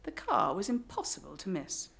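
A woman's voice: mid-range voice, very animated, normal speed, creaky, fairly bright tone. An English woman reading her memoir aloud to a live audience, with wry joking asides between passages. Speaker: author.

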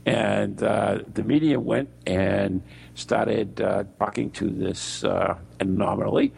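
An American man co-hosting a radio show, telling a story in a rambling, halting way with many fillers. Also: fairly low pitch, steady tone, gravelly, darkish tone, husky. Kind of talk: casual radio banter.

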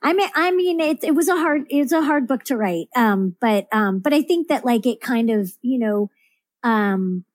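A woman's voice: on the high side, expressive, normal speed, no echo. A woman writer chatting as a podcast guest, rambling with many fillers and restarts. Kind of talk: casual interview chat.

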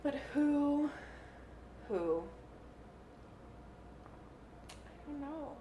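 A young woman with a fairly high, very lively voice, chatting as a podcast co-host and reading trivia between giggles. The room is echoey, with a faint hum behind her. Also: extremely slow. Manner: giggly, reads trivia aloud. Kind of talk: casual chat about a movie.

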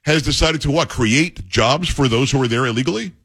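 A man's voice: mid-range voice, a little fast, a bit bright, husky, no room sound. A man hosting a talk radio show, brash and teasing in casual studio banter. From New York.

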